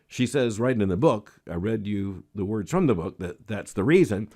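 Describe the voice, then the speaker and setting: A man's voice: fairly low pitch, expressive, normal speed, warm tone. A man hosting a daily news analysis show, giving emphatic, wry commentary with small hesitations and reading quotations aloud.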